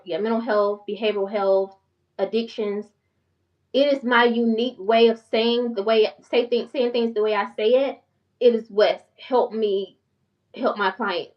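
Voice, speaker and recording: A woman in her forties with a country North Carolina accent, talking fast and passionately to her viewers in a casual vlog. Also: on the high side, far from the mic, dull audio. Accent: Southern US, North Carolina country. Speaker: channel host and therapist.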